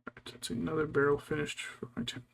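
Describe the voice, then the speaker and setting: A man, a VTuber, chatting casually and telling stories while painting miniatures, slipping into quiet whispers and quick mock voices. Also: fairly high pitch, monotone. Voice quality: gravelly and husky. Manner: storytelling, doing brief mock voices for his wife and cats; often drops to a quiet whisper.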